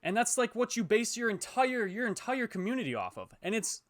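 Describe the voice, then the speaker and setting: A young man, a gaming YouTuber, ranting heatedly and profanely to his viewers, swinging between loud outbursts and low muttering. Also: sing-song, a little fast. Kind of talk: ranting to camera.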